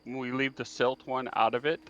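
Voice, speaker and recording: A man's voice: medium pitch, flat delivery, normal speed, fairly bright tone, a little hiss or hum. Man planning over a dull lo-fi mic. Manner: thinking aloud, persuasive planning. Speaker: player. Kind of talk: tabletop role-play discussion.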